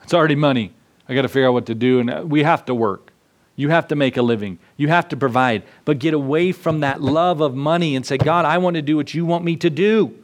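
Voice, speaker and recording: A man's voice: on the high side, fast talker. A man preaching a sermon, driving points home with repeated phrases and emphatic rises. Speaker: pastor.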